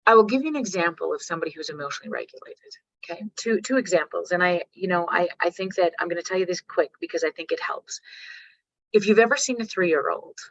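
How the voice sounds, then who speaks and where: A woman from Canada giving a workshop talk, telling stories with animated, salty language and checking in with her audience. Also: lowish voice, fast, vocal fry, no room sound. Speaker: workshop speaker. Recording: dull lo-fi dry sound.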